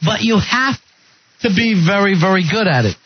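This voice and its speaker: A man's voice: high-pitched, animated, normal speed. A man hosting a talk radio show, sarcastic and wisecracking in casual banter. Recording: lo-fi radio broadcast with hiss.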